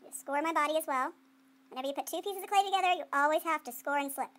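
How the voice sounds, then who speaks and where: Her voice sits high with a fairly bright tone, and she talks fast. A woman art teacher, she narrates a classroom clay demo playfully and chattily, talking to herself as she works and engaging students in call-and-response quizzing.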